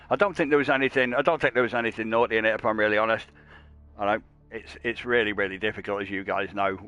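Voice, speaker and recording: A man giving live commentary on an online racing league. He is chatty and jokey, rambles through asides, and gets louder and higher when a race starts. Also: highs cut off. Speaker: sim racing commentator and stream host.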